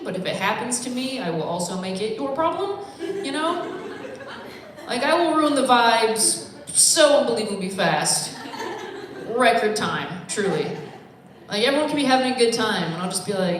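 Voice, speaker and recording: A woman's voice: on the high side, big pitch swings, normal speed. Rambling woman doing stand-up. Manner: rambling, self-deprecating, conversational. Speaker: stand-up comic. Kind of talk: stand-up comedy set. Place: comedy bar stage. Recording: echoey bar room, faint noise.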